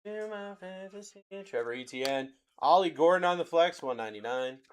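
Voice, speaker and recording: A man's voice: on the high side, lively intonation, normal speed, a little hiss or hum. A young man hosting a live card-break stream, chatting with viewers in a hyped way as he calls out player names to buyers. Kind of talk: livestream card-break calling.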